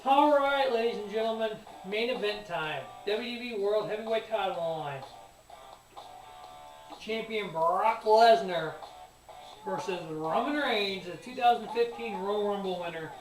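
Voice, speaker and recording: A man talks through a wrestling event as host of his own sports show, rambling, cursing freely and getting worked up. He sits back from the mic in a roomy, echoing space. Music plays clearly behind him. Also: high-pitched, moderate pace, few pauses. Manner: rambling, profane and excitable. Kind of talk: casual wrestling event review. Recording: echoey room, distant mic, music behind.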